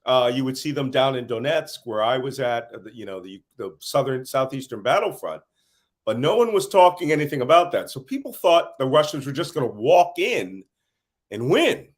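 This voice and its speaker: A man's voice: medium pitch, moderate pace. Tired American man recounting war analysis. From United States. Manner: animated storytelling with laughs. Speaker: interview guest, intelligence analyst. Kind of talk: interview answers.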